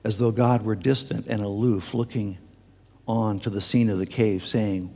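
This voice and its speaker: A man's voice: fairly low pitch, steady tone, a little slow, creaky, mellow, slightly rough. A man preaching a sermon as pastor, earnest, with fillers and restarts, speaking in a church sanctuary. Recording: long hall reverb.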